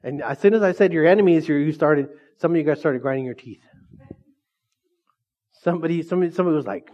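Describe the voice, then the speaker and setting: A man preaching a sermon as pastor, casual and energetic, full of questions to the congregation. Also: high-pitched, brisk, pauses often, muffled recording.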